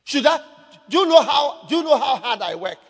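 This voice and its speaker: A proud, scornful miser voiced by a man mid-sermon, incredulous and complaining. His raised voice sounds high and bounces around a long, echoing hall. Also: sing-song, brisk, exaggerated voice. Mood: indignant. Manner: mocking, incredulous repetitions. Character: scornful stingy rich man, indignant and proud. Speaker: pastor. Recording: echoey hall reverb.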